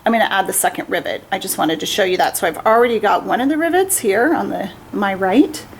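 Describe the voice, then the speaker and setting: A woman's voice: mid-range voice, lively intonation, quick pace, a little hiss or hum, rough recording. Chatty upbeat woman hosting a craft show. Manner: chatty and upbeat, laughs often. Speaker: shop owner hosting a craft livestream. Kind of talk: casual craft demonstration chat.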